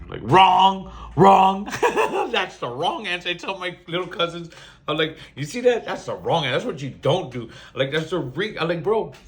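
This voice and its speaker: Animated South Texas man telling stories. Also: fairly high pitch. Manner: animated, slangy, mixes in Spanish words. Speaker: podcast host. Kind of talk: casual storytelling monologue.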